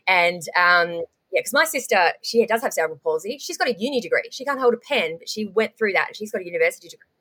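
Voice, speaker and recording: A young woman telling an interviewer a candid story, animated and swearing freely. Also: medium pitch, fast. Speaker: guest.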